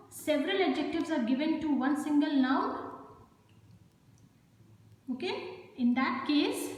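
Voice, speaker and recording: High-pitched slow-speaking teacher in echoey room. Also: female voice, darkish tone. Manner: patient, repeats points, frequent "okay" and "you know". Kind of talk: grammar lesson. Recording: echoey room with long reverb.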